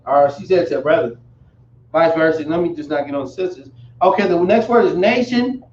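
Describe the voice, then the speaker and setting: A man teaching a language lesson, spelling words out slowly with casual slang asides. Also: a little high, a little mellow, a little hiss or hum. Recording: roomy, dull, from a distance.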